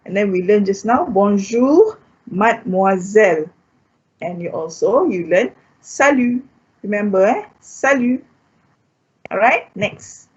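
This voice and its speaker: A Malaysian-accented woman runs a live online French class, saying each word again and again and checking in with "okay?". Her voice is husky and sits at a middling pitch. The sound is dull and lo-fi, typical of stream audio. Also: expressive, measured pace. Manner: drills words by repeating them, checks in with "okay?"; switches into Malay phrases now and then. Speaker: French language teacher. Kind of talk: live online language lesson.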